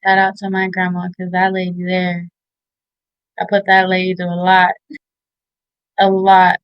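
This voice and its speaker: A woman in her thirties giving tearful, heartfelt shout-outs in an interview, halting with many fillers. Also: lowish voice, monotone, clean tone, no room sound, lo-fi sound. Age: 30s. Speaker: interview guest.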